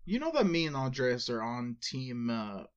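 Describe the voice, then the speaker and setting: A man's voice: mid-range voice, very animated, unhurried, lo-fi sound, over a noisy crowd. A man co-hosting casual sports talk who jumps in with teasing questions. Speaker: podcast co-host.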